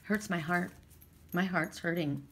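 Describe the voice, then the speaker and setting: A woman's voice: on the low side, unhurried, a bit bright, a little hiss or hum. A woman doing a casual spiritual tarot reading, chatty and emotional, at times close to tears. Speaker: tarot reader.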